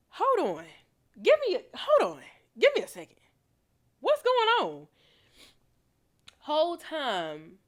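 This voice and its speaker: A woman's voice: lowish voice, a bit bright. A young woman, hosting a podcast and telling a personal story in a candid way, with emphatic repetition. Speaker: podcast host.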